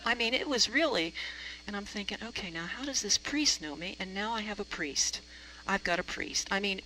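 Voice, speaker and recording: A woman preacher spins a personal story in a chatty, self-deprecating way, her voice bright and forward. A faint hum sits under her voice. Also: medium pitch, low-quality recording. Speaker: reverend. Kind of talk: storytelling sermon.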